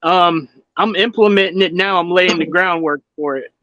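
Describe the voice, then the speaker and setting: A middle-aged man talks earnestly in a fairly high voice, pausing with fillers as he gathers his thoughts. The sound is dry, with no room echo, and a little dull. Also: sharp tone. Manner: earnest, hesitant with fillers and restarts. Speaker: panelist. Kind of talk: casual panel chat.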